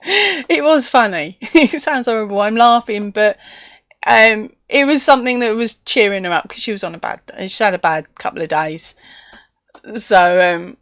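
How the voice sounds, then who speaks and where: A woman's voice: fairly high pitch, expressive, moderate pace, fairly bright tone, dry recording, studio quality. An English woman hosting a crochet live stream from home, chatting casually, laughing often and reading viewer comments aloud.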